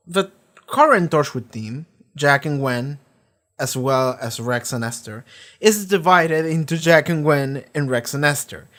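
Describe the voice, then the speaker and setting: A man's voice: on the high side, a bit bright. A man hosting a TV reaction video, chatting casually and profanely, often acting out scenes in goofy voices.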